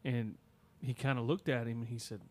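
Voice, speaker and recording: A man's voice: mid-range voice, little pitch movement, a little fast, a little mellow. A man co-hosting a podcast, casually telling a listener's spooky story with many fillers and restarts. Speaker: podcast co-host.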